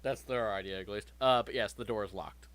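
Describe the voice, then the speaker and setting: A man's voice: fairly low pitch, a little fast, a bit bright. A man running a tabletop game as game master, joking and swearing freely.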